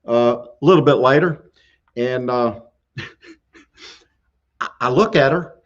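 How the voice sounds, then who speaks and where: A man with a slightly high voice tells a spooky tale in a casual live-stream style. He chuckles often and restarts his sentences. The audio is dull and lo-fi. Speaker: show host telling a scary story.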